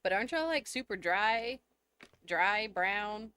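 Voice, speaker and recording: A woman's voice: medium pitch, animated, takes it slowly, pushed and bright, clean tone. A woman, live-streaming a game and chatting casually with her viewers, laughing often as she goes. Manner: chatty and giggly, answering chat. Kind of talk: casual chat with viewers while gaming.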